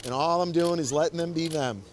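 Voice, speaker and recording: Male photographer-instructor, high-pitched, encouraging, keeps directing poses on a body mic. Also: brisk, a little hiss or hum. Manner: upbeat, coaxing, directs the couple constantly. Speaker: wedding photographer teaching. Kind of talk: live posing demonstration. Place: confined indoor shooting space.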